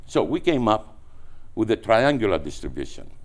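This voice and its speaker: A man with a Greek accent speaks in a low voice, telling stories from his career. He talks in an animated way, restarting and repeating words as he goes. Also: moderate pace. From Greece. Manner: animated, with frequent restarts and repetitions. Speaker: entrepreneur guest. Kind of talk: anecdotal storytelling.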